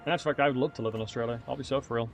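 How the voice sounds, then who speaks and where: A man's voice: mid-range voice, steady tone, rapid-fire, gravelly, faint music behind. A young man, chatting upbeat with his viewers while commentating a game stream. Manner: chatty, upbeat banter with chat. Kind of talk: casual live-stream commentary.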